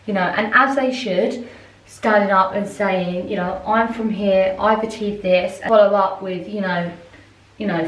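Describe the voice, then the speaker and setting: A woman, chatting casually and rambling as she vlogs from a hotel room. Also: lowish voice. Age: 20s. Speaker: vlogger and brand owner. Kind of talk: casual vlog chat. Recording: roomy and distant from the mic.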